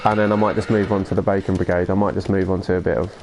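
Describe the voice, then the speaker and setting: A man's voice: low-pitched, level tone, racing, darkish tone, slight background noise. A man chatting casually through a live game stream, laughing along with chat and muttering to himself when he gets lost. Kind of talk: live gameplay commentary.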